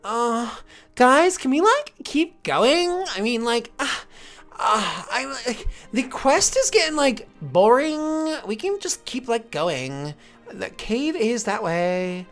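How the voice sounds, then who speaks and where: A man's voice: extremely high pitch, very animated, a bit bright, pitched above the performer's own voice, full character voice. A man putting on the voice of a whiny, impatient young adventurer who drags out his words and fills them with "like". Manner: whiny, drawn-out, filler-heavy.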